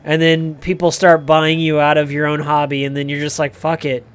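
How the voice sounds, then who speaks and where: A man's voice: a little high, completely flat delivery, brisk, clear, resonant tone. A man hosting a livestream who rambles through a sardonic, profane comic rant. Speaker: livestream host.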